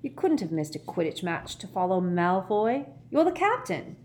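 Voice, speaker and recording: A cheeky teenage boy teases and chats in an offhand, grinning way, as a woman reading the story puts him on. The voice bounces around with a lively lilt. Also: medium pitch, normal speed, slight background noise, lightly acted. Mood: casual.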